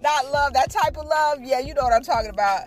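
Older woman, fairly high voice, playful casual Bible talk, faint music in the background. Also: a little fast. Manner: chatty and playful, laughing and breaking into song; animated, with sudden high pitch jumps. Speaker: faith talk host.

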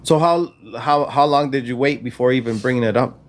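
A man hosting a podcast, asking gentle, probing questions padded with fillers. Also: medium pitch, brisk. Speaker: podcast host. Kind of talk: interviewing a guest.

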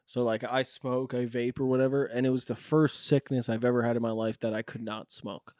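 A man's voice: medium pitch, little pitch movement, fairly quick, darkish tone, no echo, studio quality. A man telling a story in a casual podcast chat, full of fillers and cursing. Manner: rambling, filler-heavy storytelling.

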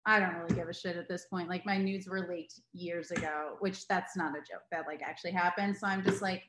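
A woman's voice: lowish voice, fairly even intonation, fairly quick, fairly bright tone. Young comedian woman, casual storyteller, roomy echo. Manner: storytelling, slips into silly voices. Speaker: comedian guest. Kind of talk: casual podcast chat.

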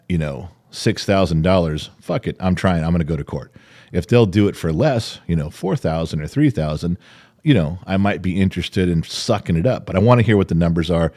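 A middle-aged man hosting a podcast, telling a story in casual chat, animated and profane, acting out the people he quotes. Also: deep voice, a little fast. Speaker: podcast host.

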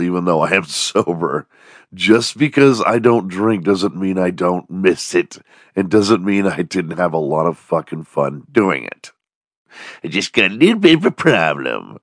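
Guy in his 40s rambling on his podcast, voice all strained and worn out, super low, swears a lot, dry close mic. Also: no room sound. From Texas. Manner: profane, jokey, animated storytelling. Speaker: podcast host. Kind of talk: casual rambling monologue.

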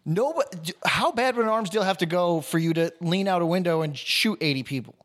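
A man's voice: high voice, animated, a little fast, fairly bright tone. A young man co-hosting a podcast, chatting casually with needling, profane banter. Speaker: podcast co-host. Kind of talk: casual chat.

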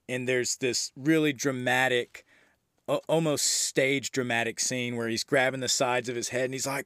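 A man hosting a movie review podcast, recapping a horror film in a loose, enthusiastic way with frequent fillers and the odd swear. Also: mid-range voice.

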